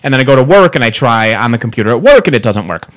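A man with a mid-range voice races through a long, angry story in casual conversation. He rants and swears freely in an animated way, recorded through a pop filter.

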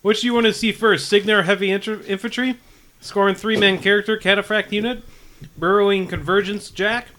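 A man's voice: sits high, fairly even intonation, fairly quick, bright, forceful tone. A man in casual chat with friends, playful and teasing.

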